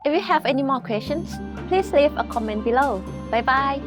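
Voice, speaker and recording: A woman whose first language is Thai, giving a scripted language lesson with clear, patient explanations and slow model pronunciations. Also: high voice, animated, over music.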